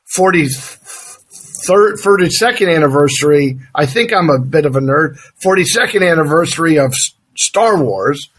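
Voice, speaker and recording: Jokey man, high bright voice. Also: normal speed, a little hiss or hum. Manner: animated, jokey, self-mocking. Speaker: guest voice actor. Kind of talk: casual podcast chat.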